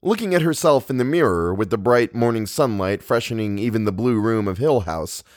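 A man reading a novel aloud as a narrator, measured and expressive. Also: fairly low pitch, no echo, clean studio sound. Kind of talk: audiobook reading.

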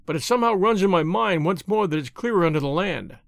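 Man doing a shrewd, careful traveler, unhurried and thoughtful, gravelly voice, dry audiobook sound. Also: high-pitched, animated, dry recording. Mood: musing.

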